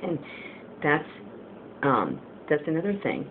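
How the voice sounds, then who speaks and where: A Christian video blogger gives a casual spiritual testimony, rambling earnestly with many fillers. Her low voice swoops wildly in pitch and moves slowly, and the audio is tinny and phone-like with faint hiss.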